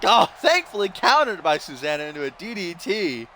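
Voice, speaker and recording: A young man calls a video game wrestling match in a high, bright voice that swings widely as he gets excited. He laughs and groans at the mistakes with exasperated energy. A faint hiss sits under the recording. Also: normal speed. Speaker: gaming YouTuber. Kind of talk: play-by-play commentary over a wrestling video game.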